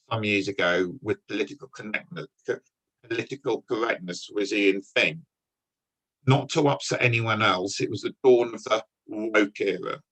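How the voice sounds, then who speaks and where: An older man, a guest speaker telling wry, deadpan stories from his police career to an audience. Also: mid-range voice, husky, rough recording. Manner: dry, wry storytelling with deadpan punchlines. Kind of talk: anecdotal talk to an audience.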